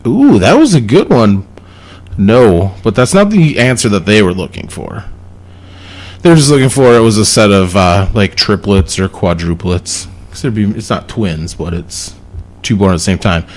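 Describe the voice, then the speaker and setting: Lively joking man co-hosting a podcast. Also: fairly low pitch, normal speed. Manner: joking, laughing, reading puzzles aloud. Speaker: podcast co-host. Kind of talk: casual chat.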